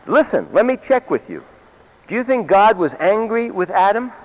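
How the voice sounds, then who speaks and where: A man's voice: high-pitched, sing-song, normal speed. An older man, a grandfather, preaching a sermon in a meeting hall, questioning his listeners and repeating key phrases.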